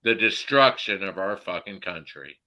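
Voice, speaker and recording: A man in a group call ranting angrily about politics, heated and profane, with loud outbursts. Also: low voice, expressive, normal speed, over a noisy crowd, poor audio. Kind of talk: angry political rant.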